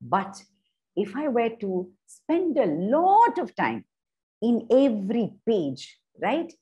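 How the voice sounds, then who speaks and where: A woman's voice: fairly high pitch, wildly swooping pitch, slow pace, dark tone, husky. A woman, telling a children's story expressively, with sound effects and little character voices. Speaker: storytelling workshop leader. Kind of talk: animated children's story reading.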